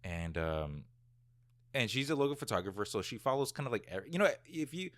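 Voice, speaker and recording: A man's voice: medium pitch, very animated, quick pace, no room sound. A young man being interviewed in his own office, laid-back and teasing with a dry humor. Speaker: guest content creator. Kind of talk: casual interview chat.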